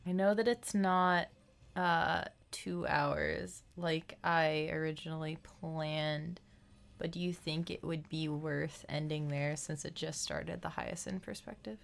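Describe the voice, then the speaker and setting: Gushy giggly woman streaming a game, talks slow and easy. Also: low-pitched, steady tone, creaky. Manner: bubbly, gushing, giggly. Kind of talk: casual live-stream chat.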